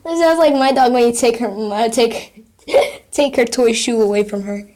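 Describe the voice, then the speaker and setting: A woman's voice: a little high, measured pace. A woman vlogger in casual chat, playing sound effects from an app and reacting with giggly, playful commentary.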